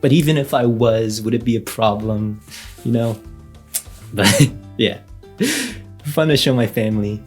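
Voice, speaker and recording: A young man telling a casual story as a vlogger, chatty, with lots of fillers and light laughs. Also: fairly low pitch.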